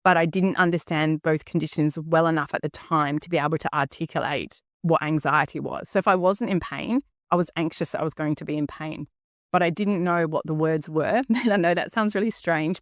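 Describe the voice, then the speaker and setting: A deep-voiced Australian woman in her fifties hosts a personal solo podcast, talking briskly in a steady tone. She's earnest and candid, with lots of ums and "okay?" check-ins. The sound is clean studio quality with no echo.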